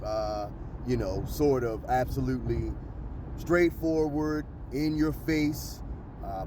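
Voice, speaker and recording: A man's voice: a little high, darkish tone, a little hiss or hum. Emphatic man. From Baltimore, Maryland. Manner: emphatic, keeps checking in with "okay?" and "all right?". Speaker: history educator. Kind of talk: casual explanatory monologue. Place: outdoors in the sun.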